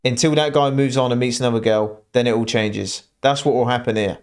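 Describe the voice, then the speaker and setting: A man's voice: mid-range voice, fairly even intonation, fairly quick. A man hosting a reaction commentary channel, talking bluntly and mockingly over clips. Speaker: commentary host.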